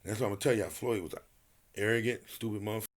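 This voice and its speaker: A man who is a retired boxer, guesting on a podcast and telling a story in an animated, profane way while acting out the quotes. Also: fairly low pitch, very fast.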